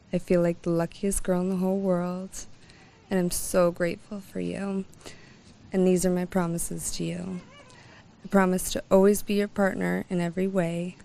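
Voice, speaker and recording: A woman's voice: on the low side, vocal fry, warm tone, slight background noise. Tender bride reading her vows. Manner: tender, fighting back tears.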